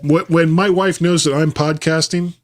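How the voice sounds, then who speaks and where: A man's voice: fairly high pitch, moderate pace. A man from Florida hosting a casual podcast, telling rambling stories. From Florida, USA. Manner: animated, rambling storyteller. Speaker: podcast host.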